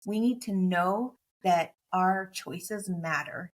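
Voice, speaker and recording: Speaking slowly in a lowish voice, an American motivational speaker and coach shares a heartfelt story during an interview. She's earnest and emotional, returning to key phrases again and again.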